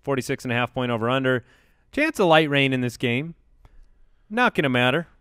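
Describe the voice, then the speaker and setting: A man's voice: medium pitch, expressive, brisk, bright, forceful tone, clear, resonant tone, no echo, studio quality. A man hosting a casual sports podcast, upbeat and steering the talk from topic to topic. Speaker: podcast host.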